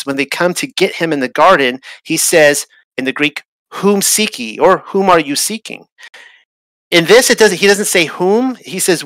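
A man with a bright, forward voice talks through a Bible chapter on his podcast, recorded dry and close. He thinks aloud as he goes, restarting phrases and pausing with fillers. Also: on the high side, dry recording, poor audio. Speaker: podcast host. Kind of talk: casual Bible study talk. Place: traveled to Israel.

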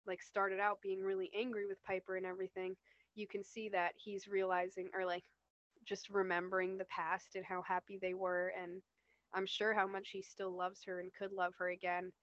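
A woman's voice: medium pitch, level tone, normal speed, fairly bright tone, no room sound. Woman co-host, chatty and filler-heavy, very level delivery on a dull, muffled recording. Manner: chatty, lots of "like" and "you know". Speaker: podcast co-host. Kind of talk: casual TV rewatch discussion.

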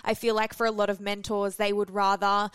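A young woman hosting a podcast, talking in a relaxed, candid way and swearing without a second thought. Her voice is smooth and clean, and it sits close and dry with almost no room sound. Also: medium pitch, a little fast, no echo. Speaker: podcast host. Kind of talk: casual chat.

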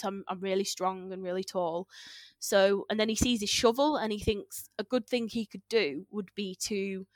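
A woman's voice: medium pitch, fairly bright tone, no echo, clean studio sound. Chatty woman telling a folk tale. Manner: chatty, giggly, with fillers and self-corrections. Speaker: storyteller guest. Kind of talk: casual oral storytelling.

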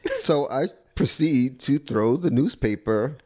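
A man's voice: mid-range voice, lively intonation, slow pace, mellow, dry recording, studio quality. A man in casual conversation, telling a story and mimicking people's voices in quotes. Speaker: guest.

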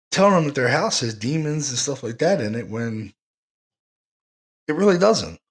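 A man hosting a paranormal talk show, rambling in a casual, enthusiastic way and often repeating himself. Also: mid-range voice. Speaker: paranormal podcast host.

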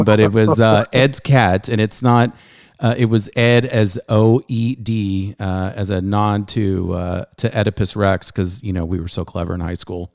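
A man's voice: lowish voice, steady tone, a little slow, a little mellow, no room sound, studio quality. A middle-aged man hosting his music show, chatting eagerly with an old friend and rambling with many restarts and fillers. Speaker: podcast host. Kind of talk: casual chat.

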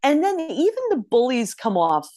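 A woman's voice: high voice, big pitch swings, normal speed, a little mellow, no room sound, clean studio sound. A woman co-hosting a podcast, chatting casually about TV shows with a playful, teasing manner. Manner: playful, teasing, laughs often. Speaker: podcast co-host. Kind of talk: casual TV recap chat.

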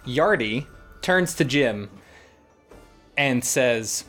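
A man's voice: medium pitch, normal speed, fairly bright tone, faint music behind. A man playing a tabletop game, steadily describing what his character does. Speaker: player.

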